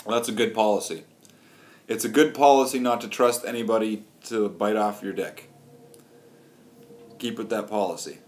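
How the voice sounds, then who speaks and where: A man's voice: on the low side, normal speed, long pauses, a little mellow. A man rambling on camera in a loose, crude comedic riff. He keeps restarting his sentences and drifts from one absurd idea to the next, playing with silly rhyming words. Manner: meandering, restarts often, riffs on silly wordplay. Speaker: vlogger.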